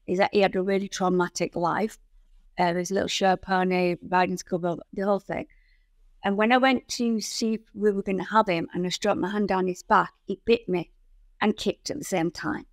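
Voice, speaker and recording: A woman guest on a podcast interview, telling stories in an animated way and acting out the people in them. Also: mid-range voice, moderate pace, no echo. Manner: animated storyteller who acts out the people in her stories. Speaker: guest, founder of a riding centre.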